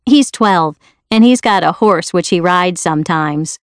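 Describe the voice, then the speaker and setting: A kind young maid with a Yorkshire accent chatters on warmly, as a woman puts her on. The storybook voice sits a little higher than the reader's own. It is heard close and dry, with no room around it. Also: expressive, measured pace, smooth, no room sound. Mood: chatty.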